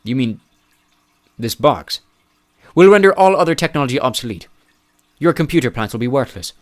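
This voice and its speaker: A brash, loud middle-aged American tycoon, all bluster and swagger, performed by a man reading an audiobook. He pushes his lines out louder and higher than the surrounding narration. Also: expressive, moderate pace, close to an everyday voice. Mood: brash, eager.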